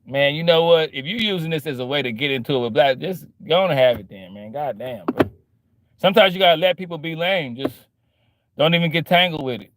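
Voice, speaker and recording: A man in his forties rants casually to his viewers, swearing freely and tagging lines with "man" and "bro". His voice sits a little high for a man, and a faint vehicle hum runs underneath. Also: lively intonation, fairly quick. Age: 40s. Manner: ranting, profane, repeats "man" and "bro". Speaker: vlogger. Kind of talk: casual monologue.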